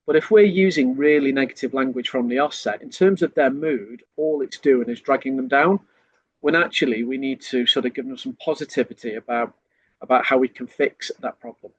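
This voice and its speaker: A man's voice: medium pitch, fairly quick, no echo, muffled recording. A man, a sales trainer, explaining in a podcast conversation and acting out lines a customer might hear.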